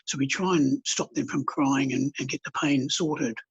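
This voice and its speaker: This guest, a counsellor and healer, has a gravelly, husky mid-range voice and talks at a normal speed. In a conversational podcast interview he tells stories calmly and earnestly, with plenty of blunt colloquial language, and the recording is dull and lo-fi.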